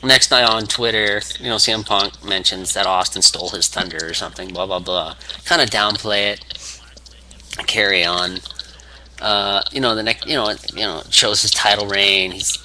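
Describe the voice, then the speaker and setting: A man's voice: lowish voice, fairly even intonation, moderate pace, sharp tone, a little hiss or hum. A man rambling casually through a story, full of fillers and restarts. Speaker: wrestling fan.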